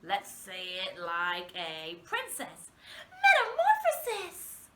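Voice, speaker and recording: A woman's voice: a little high, echoey room, heavy background noise. A young woman presenting an interactive singalong lesson for young children, encouraging them and stretching out her words. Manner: animated, encouraging, drawn-out words. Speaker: primary school workshop presenter.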